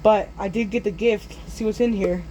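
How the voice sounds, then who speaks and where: A teenage boy telling a story in a casual, animated way, often jumping into loud character voices. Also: high voice, a little fast, slight background noise, poor audio.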